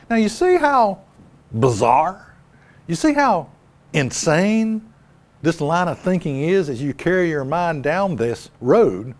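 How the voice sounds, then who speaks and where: Emphatic man preaching with lively pitch. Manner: emphatic, rhetorical questions, repeats key phrases. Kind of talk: sermon.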